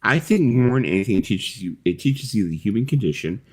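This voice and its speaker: Deep-voiced man rambling in casual chat. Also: animated, a little fast, husky. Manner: rambling storytelling with many fillers and swearing. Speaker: host.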